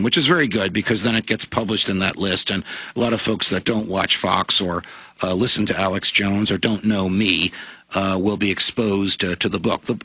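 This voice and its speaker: A man in an impassioned radio interview monologue, his voice gravelly and husky with a forceful, tense edge. He speaks like an orator, stacking emphatic points into lists. The sound is dry and close. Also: on the low side, no room sound, poor audio. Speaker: former judge, radio show guest.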